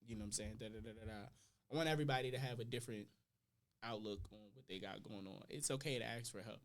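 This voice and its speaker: A young adult man, a podcast guest, telling personal stories in casual slang, his voice swinging between loud and quiet. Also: fairly low pitch, fast.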